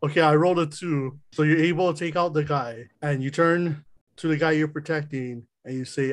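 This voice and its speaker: Laughing male game master, slightly high voice. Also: steady tone, a little fast. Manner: laughs often, restarts lines. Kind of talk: narrating a tabletop game.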